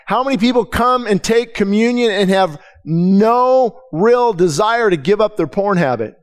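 A man's voice: high-pitched, expressive, measured pace. A man preaching a conversational sermon to his congregation, candid and emphatic, often repeating words and asking the room direct questions. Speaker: pastor. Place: church service.

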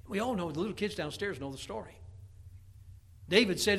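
Male preacher, high voice, storytelling sermon with acted voices, loud swells and hushed drops. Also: brisk.

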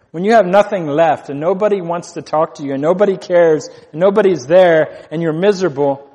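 A man's voice: a little high, a little mellow, big-room sound. A man preaching a sermon as pastor, earnest, repeating key phrases for emphasis.

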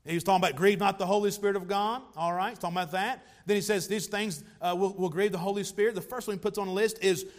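High-voiced preacher. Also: male voice, fairly even intonation, fast talker, hardly any pauses. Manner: emphatic preaching with rhetorical questions and repeated phrases. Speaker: pastor. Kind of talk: sermon.

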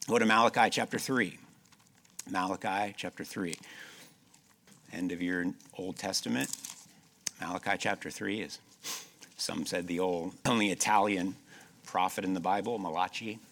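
A man preaching a sermon, moving between loud emphatic stretches and soft, slowed passages, repeating key phrases and asking the congregation rhetorical questions. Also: low voice, fairly even intonation, slight background noise.

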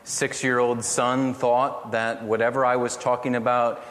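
A middle-aged man preaching a sermon, telling family stories in an earnest, gently humorous way. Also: mid-range voice, flat delivery, a little slow. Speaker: pastor. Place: church hall. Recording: echoey hall from far off, faint noise.

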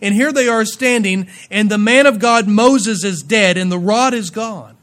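A man with a high voice preaching to his congregation. He reads scripture aloud, then breaks into playful asides, and swings between loud emphasis and quiet, dropped endings. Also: a little slow. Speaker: pastor. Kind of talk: sermon.

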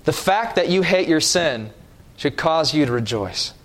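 A man preaching a sermon with slow, emphatic delivery, stressing key words and dropping his voice at line ends. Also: fairly high pitch, lively intonation, a bit bright.

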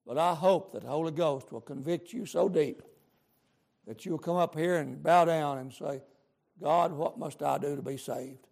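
A man's voice: on the high side, normal speed, creaky, darkish tone. A man preaching a sermon, fervent and emphatic, repeating lines for stress and using folksy grammar.

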